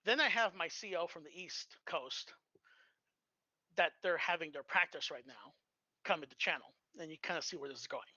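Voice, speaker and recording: A streamer telling old clan anecdotes in a casual, halting way, with fillers and restarts. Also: mid-range voice, pushed and bright, no echo, lo-fi sound. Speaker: storyteller on a live stream.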